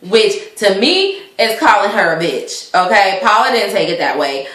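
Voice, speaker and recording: A woman recaps a reality show in a chatty, indignant way, full of fillers and restarts. Her voice is bright and sharp, and her home recording has a clear echo around it. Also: medium pitch, very animated, moderate pace. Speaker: vlogger reviewing a reality show. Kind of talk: casual opinionated recap.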